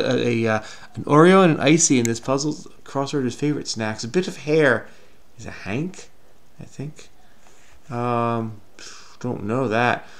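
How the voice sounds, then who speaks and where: A man's voice: medium pitch, vocal fry. A middle-aged man casually thinking aloud while solving a crossword, hesitant and self-questioning, often trailing off with "I don't know.".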